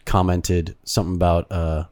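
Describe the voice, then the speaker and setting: A man in casual podcast chat, relaxed and agreeable, with hesitant fillers. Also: low voice, normal speed.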